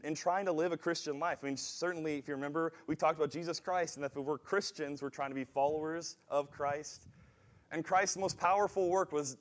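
A man with a slightly raised pitch giving a sermon. He talks in a relaxed, conversational way, restarts his phrases often, and moves between soft asides and emphatic, rising points. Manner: conversational, thinks aloud with frequent restarts; swings between quiet asides and emphatic rises. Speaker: preacher.

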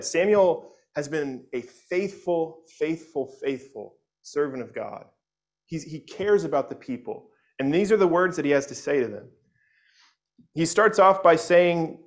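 A male pastor preaching a sermon in a loose, conversational way, often restarting his phrases. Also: fairly high pitch.

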